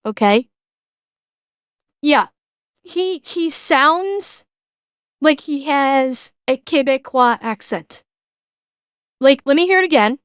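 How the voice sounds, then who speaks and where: A woman streamer chatting casually as she reacts, excitable and swearing freely, often restarting her sentences. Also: high-pitched, takes it slowly, long pauses, dry recording.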